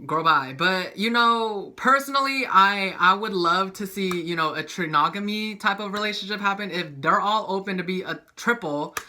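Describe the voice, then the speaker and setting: A young man with a high-pitched voice casually recaps a soap opera. He is animated and profane, acting out the characters' lines.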